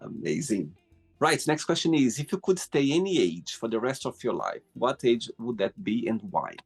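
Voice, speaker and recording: A man's voice: mid-range voice, sing-song, normal speed, vocal fry, husky, faint music behind. A man hosting a casual interview, asking questions and reacting with short, enthusiastic praise. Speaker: interview host.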